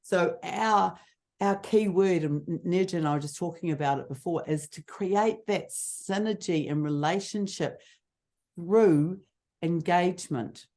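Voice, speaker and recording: A woman teaching public speaking, showing voice techniques with lively examples. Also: fairly low pitch, unhurried. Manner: expressive, demonstrates voice techniques. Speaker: speaking coach. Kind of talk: teaching on a video call.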